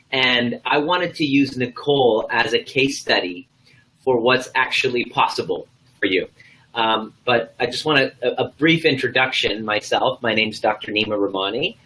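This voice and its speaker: A man's voice: medium pitch, pushed and bright, poor audio. A man hosting a live video stream as a coach, enthusiastic and loose, rambling with lots of ums and uhs. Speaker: host, coach.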